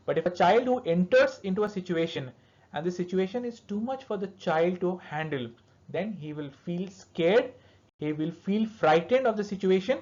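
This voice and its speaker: Brief: pediatric dentistry lecturer, mid-pitched voice, patient teaching delivery, muffled low-fi audio. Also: a little mellow. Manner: explanatory, checks in with "all right" and "okay". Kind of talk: recorded lecture to dental students. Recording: dull lo-fi recording.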